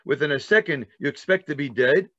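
A man's voice: a little high, brisk, no echo, muffled recording. An older man teaching a Torah class as a rabbi, acting out words with his breath and asking questions he then answers himself. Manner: animated, enacts words with breath and gasping sounds. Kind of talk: Torah lesson.

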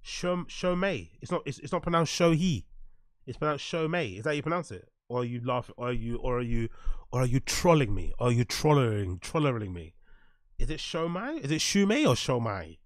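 A man's voice: medium pitch, very animated, brisk, no echo, studio quality. A man reacting to podcast clips with sarcastic, mocking commentary, swearing and answering his chat. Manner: sarcastic, swears a lot, reads chat aloud. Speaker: commentary streamer.

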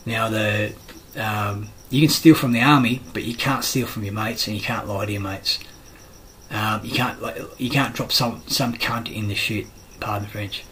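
A man's voice: lowish voice, steady tone, moderate pace, bright, forceful tone, slight background noise, poor audio. A middle-aged Australian man in a rambling, profane monologue, blunt and aggrieved, swearing constantly.

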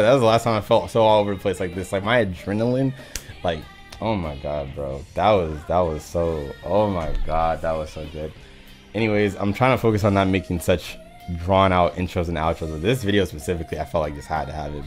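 A man hosting a reaction video on his home setup, talking through a headset, hyped and breathless, his voice jumping high with excitement.

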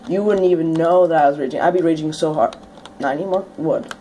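A young woman talks her way through a video game at her home computer, casual and chatty, with sudden shrieks and curses whenever something jumps out at her. Her voice sits fairly low for a woman. Faint keyboard typing ticks along underneath. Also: quick pace, a little hiss or hum. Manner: chatty and excitable, swears, bursts into sudden shrieks when startled. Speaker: let's play host. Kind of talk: casual gameplay commentary.

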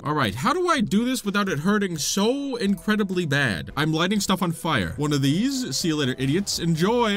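A young gaming YouTuber delivers playful, dramatic let's-play commentary, trash-talking enemies and panicking in bursts. His voice is a little high and a bit bright, with big pitch swings, and he talks a little fast with few pauses. Faint game music plays behind him.

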